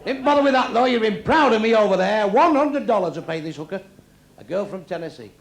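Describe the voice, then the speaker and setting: On a nightclub stage, an older man with a high, animated voice and brisk delivery performs crude, blunt stand-up, heckling his band between jokes. The live recording picks up a loud crowd laughing throughout.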